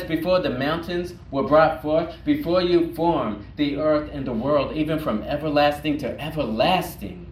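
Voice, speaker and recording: Man pastor preaching, takes his time, repeats words for weight, echoey church, a bit far from the mic, faint hiss. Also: on the high side. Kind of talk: sermon. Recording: roomy echo, distant mic, faint noise.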